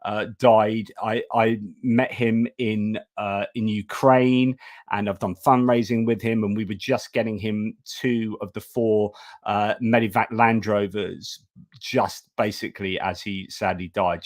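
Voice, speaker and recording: A man's voice: fairly low pitch, steady tone, a little slow, no echo, studio quality. Chatty man hosting a live stream. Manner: chatty, many restarts and fillers. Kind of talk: casual live stream chat, reading donor thanks.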